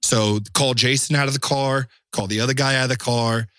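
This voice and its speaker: A man's voice: mid-range voice, fairly even intonation, fairly quick, fairly bright tone, dry recording, studio quality. A man, a former bodyguard, telling a story as a guest in a podcast interview, blunt and profane, acting out what other people said.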